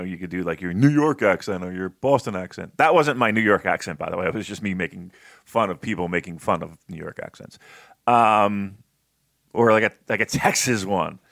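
Lively, just-woken-up North American man. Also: sits low, vocal fry, no echo, studio quality. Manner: animated, rambling, many restarts. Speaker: podcast co-host. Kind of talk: casual chat.

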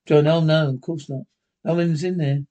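A man's voice: a little high, fairly even intonation, normal speed, dark tone, highs cut off, close to an everyday voice. A man playing a tense, secretive young husband who answers curtly and defensively, in 1930s radio acting. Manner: curt, defensive, agitated.

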